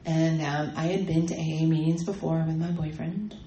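A woman telling her personal recovery story at a meeting, halting and full of ums and restarts. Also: sits low, steady tone, warm tone, roomy sound, rough recording. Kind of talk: personal testimony talk.

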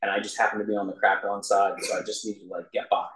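A man's voice: lowish voice, little pitch movement, fast talker, fairly bright tone. A man sharing his recovery story in a self-deprecating way, often laughing at himself. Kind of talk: personal storytelling talk. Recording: roomy echo.

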